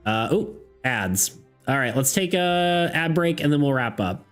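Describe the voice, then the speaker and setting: A man's voice: a little high, animated, a little slow, a bit bright, clear, resonant tone, faint music behind. A man streaming a tabletop role-playing game, hesitant and laughing often, with lots of fillers. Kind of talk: casual live-stream role-play.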